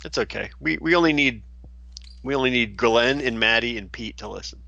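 A man's voice: medium pitch, fairly quick, gravelly, sharp tone. A middle-aged man co-hosting a podcast, chatting casually with dry joking asides. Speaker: podcast co-host. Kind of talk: casual chat. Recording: dull, lo-fi dry sound.

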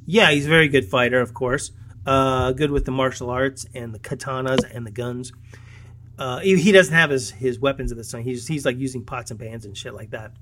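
A man's voice: mid-range voice, fairly quick, sharp tone, slight background noise. A man chats through a movie's story in an easy, everyday voice. He wanders, stumbles over his words and fills gaps with ums. Little laughs slip in as he talks. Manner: rambling, many fillers and restarts, chuckling. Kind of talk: casual movie recap chat.

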